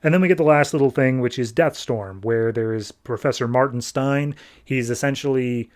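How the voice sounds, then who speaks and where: A man hosting a podcast, casually recapping a comic issue with quick asides and lots of fillers. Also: medium pitch. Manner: chatty, quick asides, frequent "like". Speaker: podcast host.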